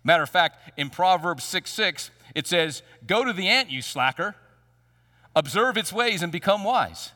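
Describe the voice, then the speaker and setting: A pastor preaching to his congregation in a bright, forceful voice that swoops up and down with emphatic pauses. His voice is fairly high for a man and rings with a long reverb through a large church sanctuary. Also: lively intonation. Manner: emphatic, with dramatic pauses and sweeping pitch. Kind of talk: sermon.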